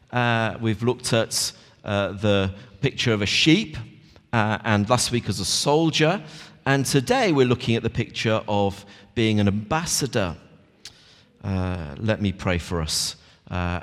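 A man's voice: medium pitch, a bit bright. A man preaching a morning sermon, talking in a plain, conversational way and speaking directly to his congregation. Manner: conversational, talks straight to the congregation. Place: church. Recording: long church reverb.

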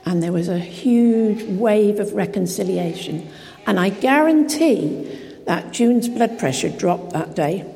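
Mellow-voiced woman preaching in a hall. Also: mid-range voice, animated, slow, creaky. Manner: earnest, emphatic preaching with direct questions to the congregation. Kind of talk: sermon.

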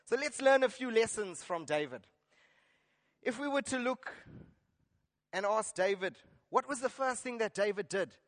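A man preaching a sermon, retelling a Bible story with lively acted-out lines and questions to the congregation. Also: high-pitched, normal speed, pauses often. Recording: long hall reverb.

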